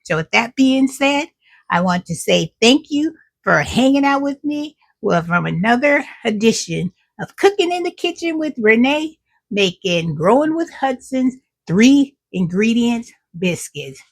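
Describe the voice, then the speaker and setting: Chatting casually with her viewers while tasting what she's cooked, a middle-aged cooking vlogger hosts her own show. She speaks at a measured pace in a fairly high, sing-song voice.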